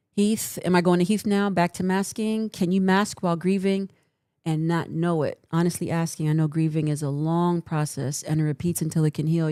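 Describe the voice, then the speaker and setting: A woman's voice: lowish voice, warm tone, no echo, clean studio sound. A woman hosting a livestream, giving earnest, encouraging counseling advice in casual talk and often checking in with "right?".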